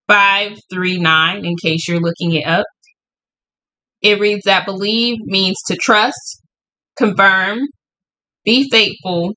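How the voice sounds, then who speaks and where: A woman hosting a casual Bible study podcast, hyped up and excitable, stumbling over words now and then, laughing, and speaking to her listeners as "y'all". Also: medium pitch, low-quality recording. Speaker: podcast host.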